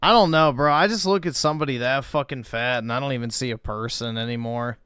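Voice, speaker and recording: Dude reading chat and trashing people, smooth clear voice, dry mic. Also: male voice, mid-range voice, fast talker, fairly bright tone, dry recording. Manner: blunt, crude, contemptuous. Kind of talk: casual reaction stream commentary.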